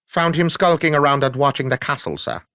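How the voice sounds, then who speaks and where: A woman's voice: sits low, a little fast, a bit bright, no echo, clean studio sound, pitched above the performer's own voice. A male narrator voicing a blunt, dutiful female guard sergeant who reports in clipped, formal phrases.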